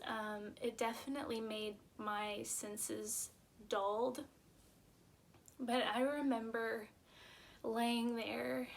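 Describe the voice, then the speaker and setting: A young woman vlogger telling her personal birth story in a halting, emotional way, close to tears at times. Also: fairly high pitch.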